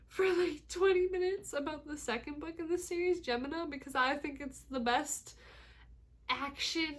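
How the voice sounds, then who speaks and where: A young woman chatting casually at home in a book vlog, gushing, swearing freely and laughing often. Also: high voice. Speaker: book vlogger. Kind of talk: casual reading vlog chat.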